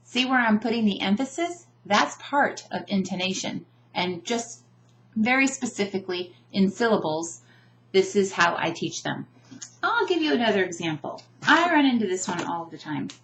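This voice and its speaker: A woman teaching pronunciation, talking casually and drawing out example words with careful, slow enunciation. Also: medium pitch, expressive, a bit bright. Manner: casual, often checks in with a "right?". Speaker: language teacher. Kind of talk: explaining pronunciation to camera.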